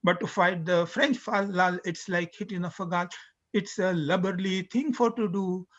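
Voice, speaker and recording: A man reciting the lines of a boastful, uneducated old-time British sailor in a slow, half-sung lilt, on a dull lo-fi recording. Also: high voice, a bit bright.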